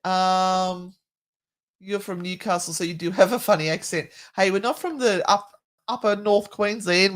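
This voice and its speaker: This middle-aged woman, co-hosting a paranormal livestream, talks at a measured pace in a lowish voice. Her casual chat is playful, with a swear word here and there.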